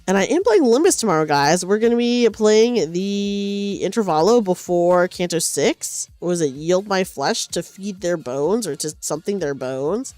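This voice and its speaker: A woman's voice: mid-range voice, expressive, unhurried, hardly any pauses, a little mellow, dry recording, faint music behind. Woman streamer, sleepy, rambling chat, very dry sound. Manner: rambling, self-correcting, chatty. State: sleepy, low energy. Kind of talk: casual chat while knitting. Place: at home on a couch.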